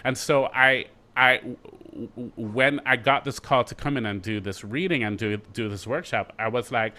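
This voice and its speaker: A middle-aged Jamaican man, an actor being interviewed, telling his story in a lively way with quick asides and restarts. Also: medium pitch. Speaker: actor guest.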